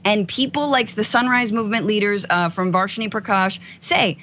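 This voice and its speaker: A woman co-hosting a political news commentary show, speaking in an animated, sardonic way with many fillers. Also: medium pitch, moderate pace, few pauses, dull audio, slight background noise.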